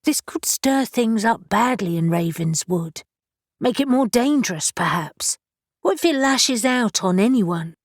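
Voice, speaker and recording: A woman narrator voices a wary young woman who sounds uneasy and cautious, pitching above her own natural voice. The delivery is on the high side with lively intonation and a measured pace, in a dry, studio-quality recording.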